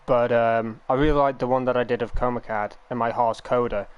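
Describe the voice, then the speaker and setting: A man's voice: medium pitch, fairly even intonation, a little fast, clean tone, highs cut off. A young man chatting casually on a live stream, rambling through long explanations of how he took his screenshots.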